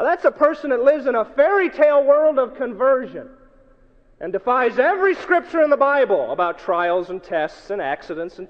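A high-voiced man preaching in a big hall, his pitch leaping all over as he swings from loud to hushed. He acts out the people he quotes. The recording is dull with a long echo. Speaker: pastor. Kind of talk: sermon. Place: church hall.

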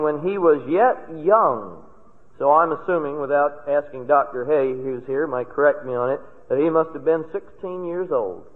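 An older man delivers a sermon in a folksy, storytelling way, leaning hard on key words when he makes a point. His voice sits fairly high. The recording is thin and tinny, with a long reverb from a large hall. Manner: folksy storytelling, rising to emphatic stresses. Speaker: preacher. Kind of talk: sermon with personal stories.

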